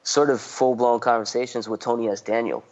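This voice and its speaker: A podcast co-host chatting in a loose, rambling way with casual swearing. His voice sits at a middle pitch, and the recording sounds dull and lo-fi. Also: steady tone, brisk, a little mellow.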